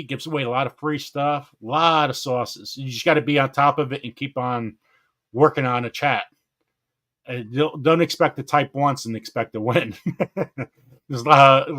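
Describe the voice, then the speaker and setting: A man hosting a gardening live stream in casual chat, excitable, laughing often and stumbling over names. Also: medium pitch.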